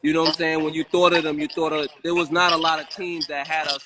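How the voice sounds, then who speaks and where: A man speaks from his home office as a guest on a live stream, relaxed and rambling, often checking in with "you know what I'm saying". His voice sits a bit high, and a clear hiss of noise runs under the stream audio. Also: quick pace. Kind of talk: casual live-stream chat.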